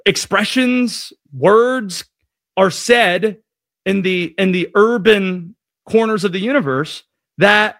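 A man's voice: sits high, takes it slowly, no echo, studio quality. A man hosting a sports radio show, chatting casually and joking at his own expense. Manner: jokey, self-deprecating, animated.

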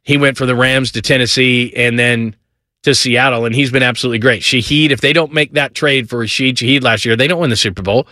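A middle-aged man hosting a sports talk show, giving energetic casual commentary and rattling off lists of player names. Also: mid-range voice, fairly quick, no echo, studio quality.

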